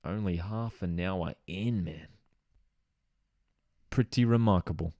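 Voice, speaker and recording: Man, deep low voice, live football reaction, excitable and chatty, dry close sound. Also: slow pace, no room sound. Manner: excitable, chatty, reads chat messages aloud. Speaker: football watchalong host.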